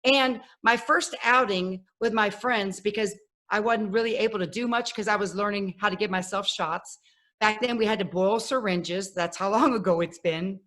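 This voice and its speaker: A woman in her fifties, a podcast guest telling her life story in a lively way and acting out the voices of people she quotes. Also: mid-range voice, normal speed. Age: 50s. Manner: animated, acts out quoted voices. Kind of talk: personal storytelling.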